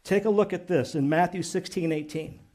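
High-voiced man preaching with rising excitement. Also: moderate pace. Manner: earnest, growing excited and emphatic. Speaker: pastor. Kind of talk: sermon.

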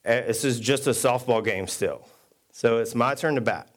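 A man preaching a sermon, telling stories with self-deprecating humor and reading scripture aloud at a quick clip. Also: medium pitch. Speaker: pastor. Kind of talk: conversational sermon.

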